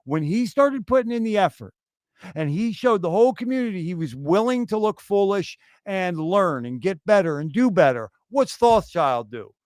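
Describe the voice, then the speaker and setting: Co-hosting a casual crypto livestream, a man with a high, expressive, darkish voice rants profanely and animatedly at normal speed, often breaking into mocking impressions of others. The recording is dry and studio-clean.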